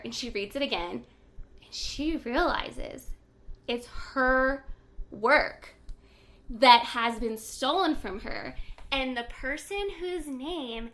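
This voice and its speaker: A woman's voice: high-pitched, takes it slowly, a bit bright. A woman hosting a book podcast, recapping the plot in a chatty, casual way with lots of filler words.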